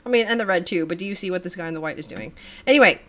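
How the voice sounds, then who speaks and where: A woman's voice: on the low side, very fast, a bit bright. A young adult woman hosting a casual reaction livestream from her home desk, chatty, laughing often and swearing casually.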